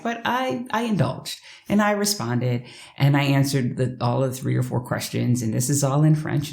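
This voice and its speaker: A woman's voice: rumbling low, a little mellow. A woman who works as a life coach, telling a personal story to the camera in a chatty way with asides to the viewer. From United States.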